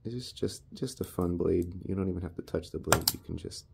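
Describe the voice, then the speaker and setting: A man's voice: low-pitched, a little fast, gravelly, very noisy. A man casually reviewing his knives in a laid-back, rambling, self-deprecating way. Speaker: knife reviewer.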